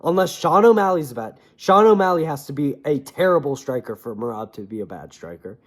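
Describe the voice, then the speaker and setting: A man's voice: fairly high pitch, a little fast. Fired-up man ranting about fights. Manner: animated and opinionated, swears often. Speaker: MMA commentator. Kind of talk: casual fight-talk commentary.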